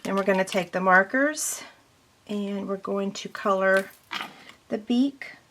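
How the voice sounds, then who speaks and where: A woman's voice: medium pitch, slow, heavy background noise. A woman giving a casual step-by-step paper crafting tutorial, chatty and self-deprecating as she works.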